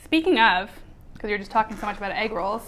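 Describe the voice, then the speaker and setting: A woman's voice: medium pitch, expressive, quick pace, a bit bright, slight background noise. A woman host presenting a food review, upbeat and speaking to the camera.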